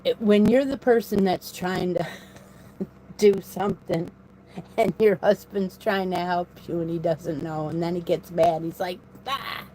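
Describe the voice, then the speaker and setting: On her relaxed live stream, a crochet channel host with a low-leaning voice speaks at a measured pace with fairly even intonation, rambling and often laughing. She speaks into a phone set on her desk at home, against a noisy background.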